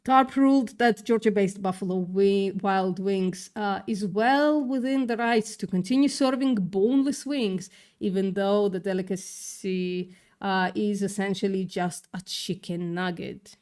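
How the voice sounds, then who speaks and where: A woman's voice: medium pitch, measured pace, a little mellow. A woman hosting a livestream, reading news aloud with sarcastic, profane asides, stumbling over words, with a mixed accent that is partly British-tinged. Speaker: livestream host. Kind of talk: casual news reading with commentary.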